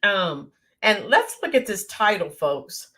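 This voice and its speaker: An American woman hosting a casual livestream, greeting viewers by name with lots of filler ums, her voice a bit hoarse from yelling the day before. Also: medium pitch, sing-song, slow pace. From United States. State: voice slightly hoarse from screaming. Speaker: livestream host. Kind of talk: casual live-stream chat.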